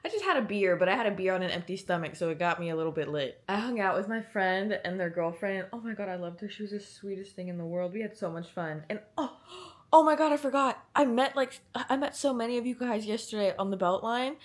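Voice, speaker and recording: A young woman in her twenties vlogging to camera, telling stories in a casual, animated way with plenty of slang, swearing and laughter. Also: medium pitch, fast, hardly any pauses.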